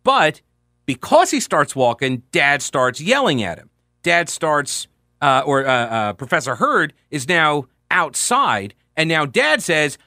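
A male radio talk host speaks in an emphatic, conversational manner, walking listeners through events with obvious relish. His voice is bright and forceful, set a little high, and it sounds dry and close to the mic. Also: big pitch swings, measured pace, no echo.

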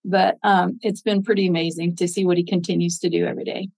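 A woman's voice: lowish voice, steady tone, fast talker, vocal fry, darkish tone, rough recording. A middle-aged woman, a podcast guest, telling an emotional personal story in an earnest, heartfelt way and quoting scripture.

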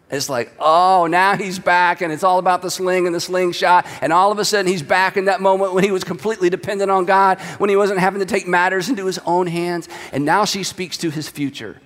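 A man's voice: high voice, steady tone, a little fast, hardly any pauses, fairly bright tone, in a large hall. A man preaching a sermon, reading scripture aloud with dramatic emphasis. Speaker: pastor.

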